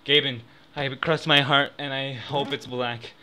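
Excitable young man, bright voice. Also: medium pitch, unhurried, hardly any pauses. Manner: excitable, swings from mumbling to shouting. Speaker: gaming YouTuber. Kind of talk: casual gambling commentary. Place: home room. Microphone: desk microphone.

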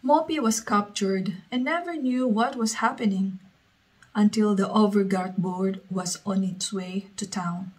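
A woman reading a story aloud as a storyteller, slowly and evenly. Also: mid-range voice, poor audio.

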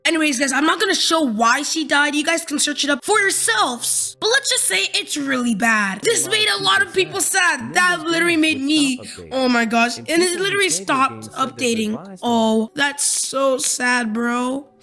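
A young woman hosting a gaming channel, giving excited commentary on a game and gasping and repeating herself as she goes. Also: high-pitched, moderate pace, hardly any pauses, soft background music. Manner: breathless, repetitive, keeps saying "literally" and "oh my gosh".

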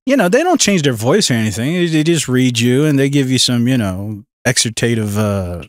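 A man's voice: mid-range voice, very animated, a little fast, no room sound, studio quality. A man co-hosting a podcast in casual chat, skeptical and wry. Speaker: podcast co-host.

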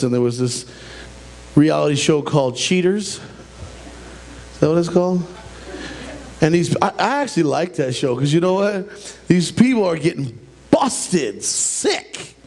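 A middle-aged man preaching a sermon in a church, talking in an animated, conversational way with joking asides. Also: fairly high pitch, gravelly. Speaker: pastor. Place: church sanctuary.

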